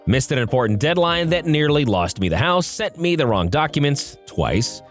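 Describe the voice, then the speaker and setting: Male podcast narrator, lively pitch, sarcastic commentary. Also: moderate pace, faint music behind. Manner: sarcastic asides, expressive delivery. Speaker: podcast host. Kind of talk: reading online stories aloud.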